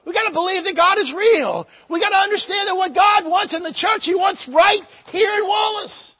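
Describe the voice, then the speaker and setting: A man preaching a revival sermon, shouting fervently and then dropping to quiet storytelling. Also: extremely high pitch, normal speed. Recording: dull lo-fi recording.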